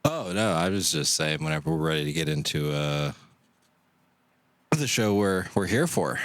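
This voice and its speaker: A man's voice: extremely low pitch, animated, normal speed, no echo. A man co-hosting a casual podcast, teasing and joking, stumbling over his first words. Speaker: podcast co-host. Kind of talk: casual chat.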